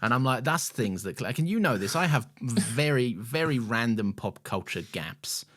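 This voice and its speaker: Male co-host, playful, quick to laugh, animated delivery. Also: mid-range voice. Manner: laughs often, jokey, defends himself with restarts. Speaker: podcast co-host. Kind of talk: casual banter recapping an episode.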